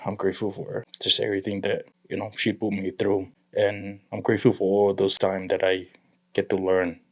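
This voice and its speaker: A young man from Tonga talking earnestly about his family in a conversation, with halting restarts. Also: fairly low pitch, darkish tone. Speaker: guest. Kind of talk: emotional personal conversation.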